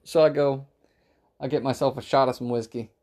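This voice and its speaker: A man spins a rambling, profane bar story in a casual storytelling voice. His tone is gravelly and dark, with a low rasp under the words. He drifts from point to point and acts out what people said. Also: fairly even intonation, fairly quick. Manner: profane, rambling anecdotal delivery with acted-out quotes.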